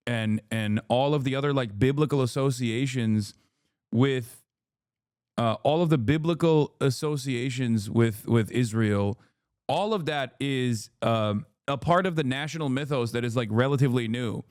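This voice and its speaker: A man streaming a reaction video, talking loosely and profanely, with many fillers and lively jumps when he quotes people. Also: mid-range voice, normal speed, clear, resonant tone, dry recording, studio quality. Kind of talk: casual reaction commentary.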